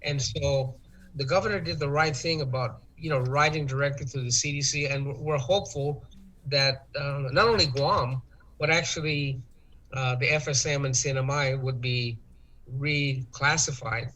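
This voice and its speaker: A man answering interview questions in a measured, hesitant way, with many ums and uhs. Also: mid-range voice, steady tone, pushed and bright, poor audio. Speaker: interview guest, tourism official. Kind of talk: talk-show interview.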